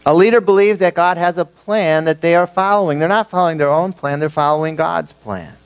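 A man preaching a sermon, his voice sitting a little higher than most men's. He is emphatic, pushing some lines out loud and dropping others to a hushed, slow emphasis. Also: smooth, low-quality recording. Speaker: pastor.

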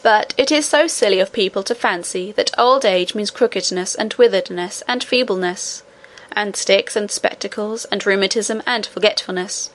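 A woman reading the part of an ancient, wise great-great-grandmother who speaks calmly and tenderly. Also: mid-range voice, normal speed, lightly acted. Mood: earnest. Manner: calm, tender, gently admonishing.

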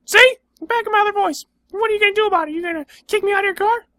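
A cocky space alien with a piercing, very high, bright voice that rattles along quickly. Shrill and taunting, recorded close and dry. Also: male voice, dry recording. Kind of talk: comedy podcast banter.

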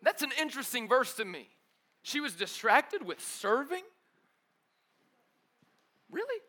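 High, bright-voiced energetic young preacher man. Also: moderate pace. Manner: casual, energetic preaching with slang like dude and bro; swings between loud emphatic bursts and quiet low asides. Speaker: pastor. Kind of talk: sermon.

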